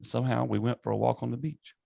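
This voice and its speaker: A man in his late fifties, a pastor and podcast host, retelling a story in a lively conversational way with many restarts. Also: mid-range voice, quick pace, vocal fry, no echo, lo-fi sound. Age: 50s. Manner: animated retelling with acted quotes, many restarts.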